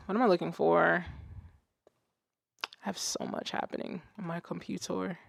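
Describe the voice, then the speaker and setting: A woman's voice: fairly low pitch, flat delivery, normal speed, gravelly, pauses often, slightly rough, no room sound, clean studio sound. A young woman livestreaming from her music setup, chatting loosely, laughing and swearing casually. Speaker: music streamer.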